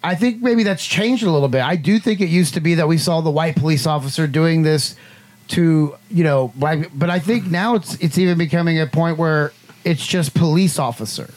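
High-voiced man hosting a panel. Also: moderate pace, a little mellow. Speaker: host. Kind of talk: casual panel discussion.

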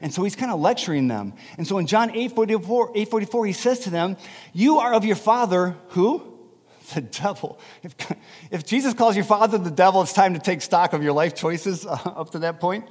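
A man preaching a sermon as pastor, animated and conversational, asking the congregation questions. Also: sits high, moderate pace, breathy edge, long reverb tail. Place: church sanctuary.

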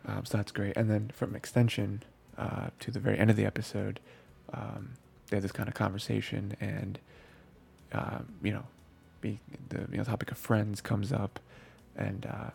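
A man's voice: on the low side, flat delivery, moderate pace, a little mellow. A man hosting an anime podcast, recapping episodes in a rambling casual chat with many fillers and restarts. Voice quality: gravelly, husky.

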